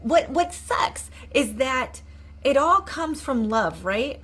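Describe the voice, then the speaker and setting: A woman mindset coach talks to her viewers on a live stream. Her voice sits a little high, and she is earnest and repetitive, with questions and prompts for comments. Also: animated, slow, a bit bright. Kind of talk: live-streamed motivational talk.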